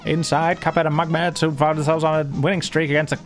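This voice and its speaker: A man's voice: a little high, flat delivery, fast, soft background music. A man hosting a casual let's play, reading the game's story aloud in a playful way. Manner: playful, reads in an old-timey voice.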